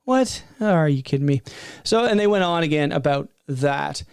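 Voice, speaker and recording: A man in his fifties giving a rambling, animated spoken reaction from his desk, with exasperated asides. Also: a little high, moderate pace, vocal fry, clear, resonant tone, no room sound, studio quality. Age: 50s. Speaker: tech streamer. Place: at a desk before a green screen.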